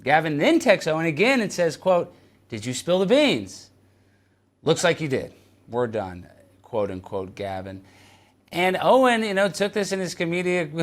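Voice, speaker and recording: A man hosting an interview show, talking casually and playfully, laughing often. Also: a little high. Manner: playful, laughing, jumps up in excitement. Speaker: show host.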